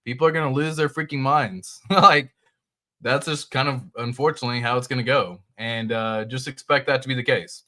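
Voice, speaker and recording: A man hosts a casual crypto livestream, walking through charts and calling out viewers in the chat. His voice is bright and forceful, and his talk stays loose and conversational. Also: medium pitch, steady tone, a little fast. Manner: casual, loose, talks straight to viewers and reads chat aloud. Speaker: crypto channel host. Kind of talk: casual livestream market commentary.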